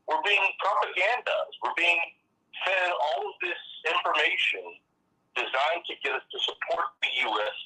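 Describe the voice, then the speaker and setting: Male radio guest, phoned in, bright husky voice, emphatic, earnest. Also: medium pitch, poor audio. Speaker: political commentator guest. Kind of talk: talk radio discussion.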